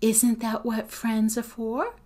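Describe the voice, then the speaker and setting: This is a vain, sugary teenage girl from a storybook reading, sweet-talking in a bright, lifted voice, a woman doing the part. She coos every word to charm, pitched well above the reader's own tone, with a slow, careful delivery. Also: flat delivery. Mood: coaxing.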